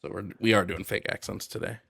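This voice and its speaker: A man's voice: on the low side, fairly even intonation, fast talker, creaky, fairly bright tone. A man hosting a live call-in debate stream, talking loosely and casually with fillers. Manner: loose and chatty, lots of ums and restarts.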